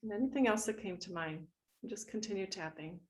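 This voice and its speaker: A woman leading a guided tapping meditation, speaking gently and instructively as she walks listeners through each point. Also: medium pitch. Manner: gentle, instructive, slow and soothing.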